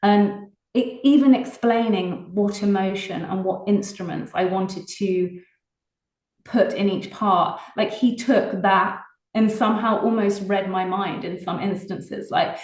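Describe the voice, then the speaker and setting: A British woman, a singer-songwriter, chatting casually in an interview, laughing often between fast bursts of talk. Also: mid-range voice, fairly even intonation, a little mellow, roomy sound, rough recording. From Britain.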